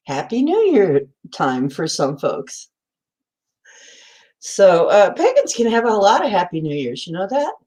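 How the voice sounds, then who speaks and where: A woman's voice: on the high side, a little mellow. A woman hosting a casual livestream from indoors at home, chatty and often laughing, greeting viewers by name. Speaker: livestream host.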